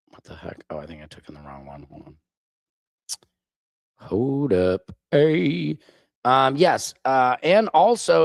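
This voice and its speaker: A man's voice: on the high side, no room sound. A man, a stand-up comedian hosting his own show, chatting casually on a livestream and drifting off-topic with jokey asides. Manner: rambling, digressive, jokey asides.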